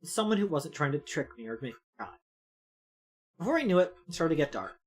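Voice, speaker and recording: A woman voicing a hurt, sensitive goth girl narrating a visual novel in a quiet, subdued way. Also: deep voice, very animated, brisk, pitched below the performer's own voice.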